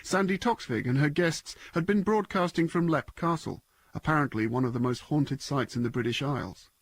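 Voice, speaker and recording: A man presenting a radio documentary, narrating from a script in a measured, explanatory way. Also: on the high side, dry recording.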